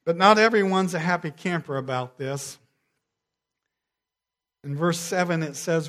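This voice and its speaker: A man preaching a sermon, measured, sinking to a quiet hush on key phrases. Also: on the high side. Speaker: pastor.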